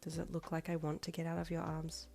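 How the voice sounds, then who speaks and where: A woman voicing a deadpan, quiet teenage girl classmate who speaks low and soft. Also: fast, vocal fry. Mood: dry.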